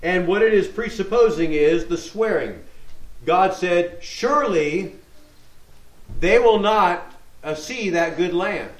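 A man's voice: high-pitched, slow pace. Preaching man in an echoey room. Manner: teaching tone, reads scripture aloud, asks rhetorical questions, checks in with "okay?". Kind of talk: sermon, Bible teaching.

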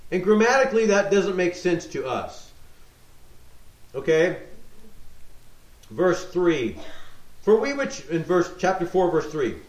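A man's voice: sits high, sing-song, slow, pauses often. A man preaching a sermon, teaching verse by verse, reading scripture aloud and checking in with his listeners. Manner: teaching tone, reads scripture aloud, asks rhetorical questions, checks in with "okay?". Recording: echoey room.

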